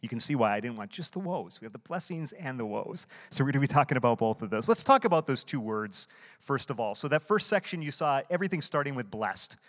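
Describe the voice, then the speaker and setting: A man's voice: mid-range voice, sing-song, fast talker, fairly bright tone. A man preaching a sermon, explaining scripture earnestly and asking rhetorical questions. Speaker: guest preacher. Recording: long hall reverb.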